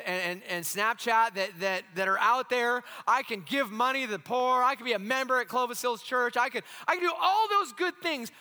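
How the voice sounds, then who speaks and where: A man preaching a sermon as pastor, animated and asking the congregation questions. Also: extremely high pitch, long reverb tail. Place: church hall.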